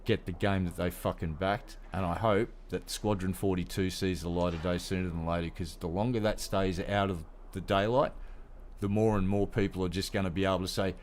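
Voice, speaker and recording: Deep-voiced, foul-mouthed Australian man in his fifties. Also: steady tone, brisk, a little hiss or hum. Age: 50s. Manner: blunt, heavily profane ranting. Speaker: gaming vlogger. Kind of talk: casual rant to camera.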